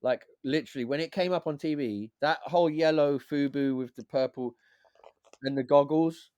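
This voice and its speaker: A man, a DJ and beat maker who is a guest on a podcast, telling stories in a lively, swearing, casual way and acting out what others said. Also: on the high side, moderate pace, clear, resonant tone, dry recording, lo-fi sound. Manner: animated, swears freely, acts out quotes. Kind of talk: casual storytelling chat.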